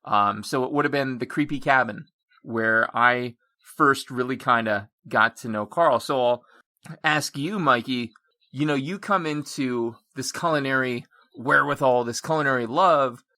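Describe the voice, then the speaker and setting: A man's voice: medium pitch, normal speed, sharp tone, dry recording, studio quality. A man hosting a podcast, chatting casually with a guest and drifting into rambling stories. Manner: rambling, self-correcting storyteller. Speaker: podcast host. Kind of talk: casual interview chat.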